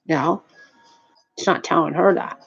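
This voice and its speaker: Low, husky and edged with vocal fry, a woman's voice moves at a moderate pace through a rambling, indignant rant. She restarts often, swears heavily, uses nonstandard grammar and says "you know what I mean" a lot. Faint music plays behind the dull lo-fi audio.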